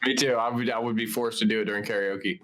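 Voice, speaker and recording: A man's voice: on the low side, fairly even intonation, quick pace, fairly bright tone. A young man co-hosting a gaming podcast, chatting casually in an upbeat, agreeable way. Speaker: podcast co-host.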